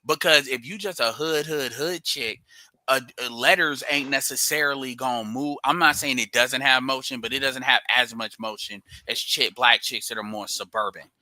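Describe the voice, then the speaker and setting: A man's voice: medium pitch, moderate pace, sharp tone, no room sound, low-quality recording. A man hosting a casual stream chat, explaining his ideas in loose, rambling sentences full of restarts.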